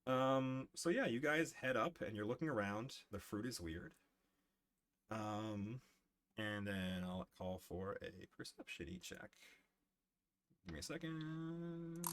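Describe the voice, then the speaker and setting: A young man narrating as game master in a casual, halting way with fillers. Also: fairly low pitch, expressive, a bit bright, slight background noise.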